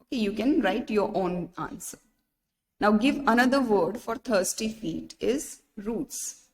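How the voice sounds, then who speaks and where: A woman's voice: mid-range voice, animated, measured pace, a little mellow, big-room sound. A woman teacher patiently walking pupils through a workbook lesson, spelling out letters, listing words one by one and checking in with "right?".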